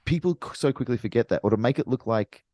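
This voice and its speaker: A podcast co-host, a man with a medium-pitched voice, talks fast and animatedly over crowd noise. It's a casual film chat, and he builds long, emphatic arguments.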